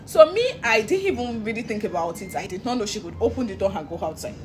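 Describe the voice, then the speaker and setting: A woman's voice: medium pitch, fast talker, over music. A woman, vlogging as she tells a story with feeling and bursts of laughter. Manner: animated, emotional retelling with laughs. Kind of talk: casual storytelling to camera.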